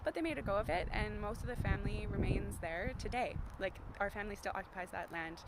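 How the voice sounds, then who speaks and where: A woman's voice: mid-range voice, quick pace, heavy background noise. A young woman talking casually to camera in a vlog, chatty, with many fillers and self-corrections, recorded outdoors in the countryside. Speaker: vlogger.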